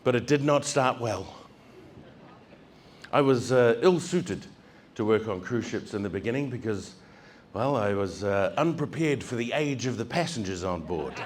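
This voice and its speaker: A male stand-up comedian telling stories on stage, animated, acting out scenes and building to shouts. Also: medium pitch, moderate pace, a little hiss or hum. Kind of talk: stand-up storytelling. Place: comedy stage before a live audience.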